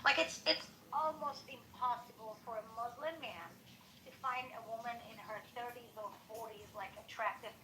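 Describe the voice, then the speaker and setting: A woman's voice: fairly high pitch, moderate pace. A woman in casual chat, telling a story and acting out the quotes. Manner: animated storyteller, acts out quotes. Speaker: participant in a social audio chat room. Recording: echoey room with faint noise.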